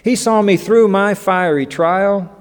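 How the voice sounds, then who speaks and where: A pastor preaching a sermon in a folksy, joking way, acting out quotes, in a church hall. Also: male voice, high-pitched, unhurried. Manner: folksy, animated, joking asides and acted-out quotes.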